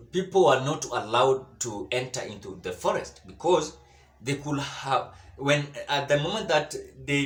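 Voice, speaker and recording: A Kenyan man delivers political commentary in an emphatic way, repeating himself and stumbling over words. His pitch rises and falls a lot. The recording sounds roomy and echoey. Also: fairly bright tone.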